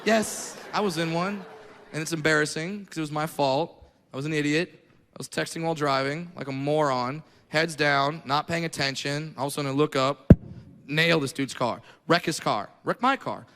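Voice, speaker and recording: A man doing a stand-up comedy set in front of a live audience, brash and self-mocking, jumping into loud mock voices. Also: fairly high pitch, normal speed. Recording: live room with long reverb and noise.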